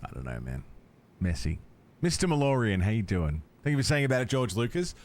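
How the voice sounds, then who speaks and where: A gaming livestreamer with a fairly low, very animated voice talks fairly quickly while playing a video game live from his home setup. His casual commentary wanders into tangents and rants, with plenty of free swearing.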